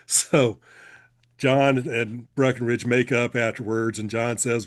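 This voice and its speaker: A man's voice: mid-range voice, level tone, slow. Chatty man retelling a story. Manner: chatty, laughs often, clears throat, restarts. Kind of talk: casual chat, retelling a story.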